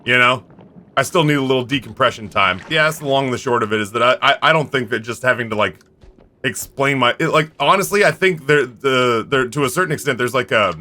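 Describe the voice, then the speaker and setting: A man's voice: mid-range voice, brisk, sharp tone. A man in his thirties streaming live, rambling casually in a self-mocking way and acting out both sides of conversations. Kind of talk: casual livestream chat.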